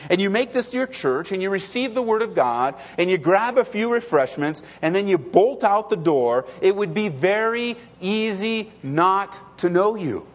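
A man's voice: high-pitched, expressive, a little slow, few pauses. A male pastor preaching a sermon in an emphatic, repetitive way, often restarting his phrases.

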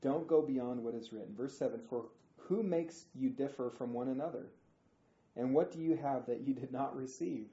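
A man's voice: medium pitch, moderate pace. Casual man teaching a Bible study. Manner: casual, animated, acts out quotes with slang. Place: indoor room, group class. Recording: roomy, dull, faint noise.

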